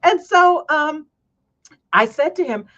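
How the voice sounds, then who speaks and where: Woman host chatting away, animated storyteller, kinda muffled lo-fi audio. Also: sits high, slow. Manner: animated storytelling, acts out quoted voices. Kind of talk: casual chat. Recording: dull lo-fi stream audio.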